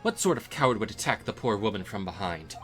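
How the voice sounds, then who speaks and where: A man's voice: lowish voice, big pitch swings, fast talker, a bit bright. A man voicing a prim, spirited young woman assistant in a raised, put-on voice. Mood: indignant. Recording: game music playing behind.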